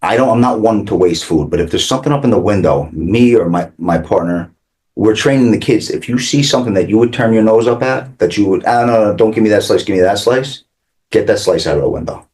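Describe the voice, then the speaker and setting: A pizzeria owner guests on a local business podcast, telling casual stories packed with "like" and acted-out quotes. His voice is on the low side, expressive and quick, with a darkish tone.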